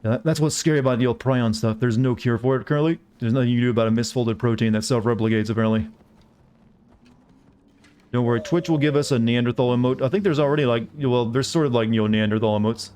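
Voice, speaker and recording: A man's voice: mid-range voice, fast talker, darkish tone, clean tone. A man with a Southern US accent chatting casually while he streams a game, rambling as he answers his chat. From Southern United States.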